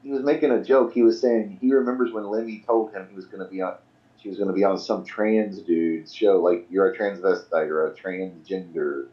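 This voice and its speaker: A low-voiced man in casual group chat who keeps explaining and clarifying for the others. The audio sounds muffled and lo-fi. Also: fairly even intonation, fairly quick.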